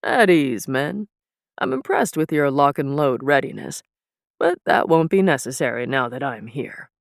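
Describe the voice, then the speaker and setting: A woman voicing a cold, commanding male sorcerer who gives calm, menacing orders. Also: extremely low pitch, a little slow, vocal fry, dry recording, clean studio sound, heavily acted.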